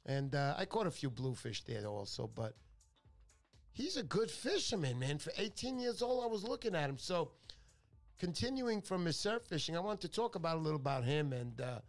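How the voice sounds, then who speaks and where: A man's voice: on the high side, sing-song, normal speed, creaky, faint music behind. A man hosting a talk show, telling stories in a chatty, joking way that drifts off topic. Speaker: radio show host. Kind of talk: casual talk-show storytelling.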